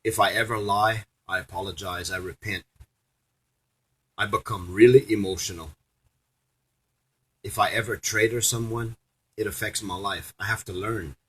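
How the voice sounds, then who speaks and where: A man's voice: on the low side, fairly even intonation, moderate pace, long pauses, fairly bright tone, slightly rough, low-quality recording. A man delivering an angry, profane, preachy rant to his audience as a vlogger. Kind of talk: angry ranting monologue.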